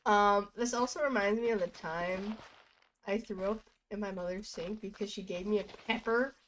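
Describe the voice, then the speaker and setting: A woman's voice: mid-range voice, normal speed, slight background noise, poor audio. A young woman streaming from home, rambling through goofy stories in a casual chatty way. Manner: chatty, goofy storytelling with bursts of laughter. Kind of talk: rambling casual chat while gaming.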